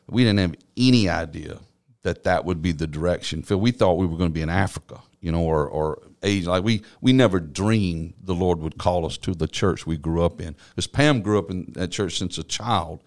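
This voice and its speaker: A man with a very low voice tells his personal testimony in an interview. His storytelling is earnest and reflective. He speaks as someone who serves on a church staff. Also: moderate pace, darkish tone. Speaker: church business administrator.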